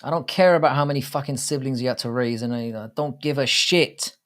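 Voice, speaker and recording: This livestream host, a man in his thirties, has a medium pitch with a fairly bright tone and speaks a little fast. He rambles to his chat during a watchalong, blunt and full of profanity.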